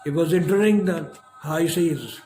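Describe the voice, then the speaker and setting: Slow, measured male lecturer. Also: on the high side, warm tone, faint music behind. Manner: measured, emphatic, with long pauses. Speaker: professor.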